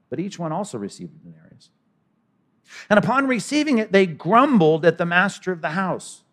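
A man's voice: high-pitched, normal speed. A man preaching an expository sermon as a pastor, talking conversationally and slipping into characters' voices. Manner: animated, acts out characters in conversational asides.

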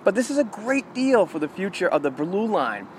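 A man's voice: high voice, sing-song, normal speed, a little hiss or hum. A man co-hosting a casual sports talk show, laying out his views in a confident, emphatic way. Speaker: co-host of a hockey talk show. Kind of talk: casual analytical chat.

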